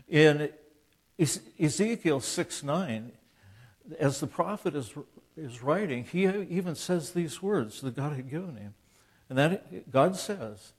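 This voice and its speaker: An older man in his seventies talks about faith in a loose, conversational preaching style. He is earnest and plainspoken, restarts his sentences, and drifts into asides and acted-out exchanges. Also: mid-range voice. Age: 70s. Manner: earnest and plainspoken, acts out quoted dialogue. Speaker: Christian author and speaker. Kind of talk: informal preaching talk.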